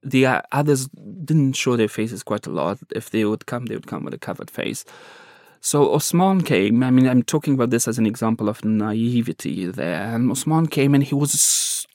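Middle-aged man, interview guest, earnest and halting, dry close mic. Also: mid-range voice, expressive, darkish tone, no room sound. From Afghanistan. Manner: earnest, halting, with frequent restarts. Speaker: journalist guest. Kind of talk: personal storytelling in an interview.

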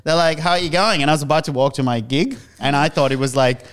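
A man's voice: mid-range voice, fairly even intonation, fast talker, clean tone. A man, a comedian guest telling stories, who swears freely and acts out quoted lines. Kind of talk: casual comedic storytelling.

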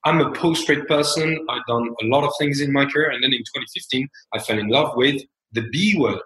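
A man with a French accent, a company co-founder answering interview questions at an unhurried pace and often trailing off quietly. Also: medium pitch. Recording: roomy echo.

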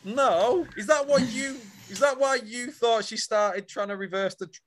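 A man in casual podcast chat, animated and quick to set his co-host straight on the details. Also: extremely high pitch, a crowd in the background. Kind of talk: casual chat about a show.

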